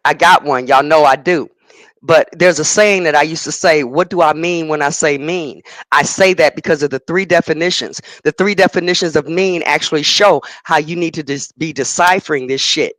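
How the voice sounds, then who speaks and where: A man's voice: a little high, normal speed, a bit bright, no echo, low-quality recording. An American man co-hosting a live stream, explaining his ideas at length in a lecturing way. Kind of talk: casual live-stream chat.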